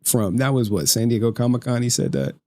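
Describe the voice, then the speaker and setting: A man doing mocking stream commentary with a very lively voice that jumps up and down in pitch. He laughs constantly and swears freely as he taunts someone. The sound is dry, with no room echo. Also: fairly quick. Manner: laughs often, profane, taunting; calls people "dog".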